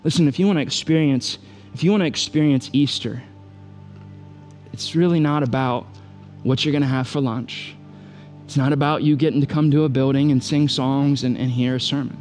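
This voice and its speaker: A man's voice: mid-range voice, steady tone, moderate pace, a little mellow, soft background music. A man preaching a sermon as a pastor, retelling the story in a casual, joking way and building to urgent, repeated appeals.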